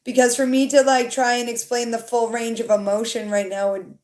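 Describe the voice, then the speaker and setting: A woman's voice: on the high side, level tone, normal speed, darkish tone. A young adult woman tarot reader hosting a livestream, chatting casually and rambling, swearing now and then, and talking to her viewers in the chat.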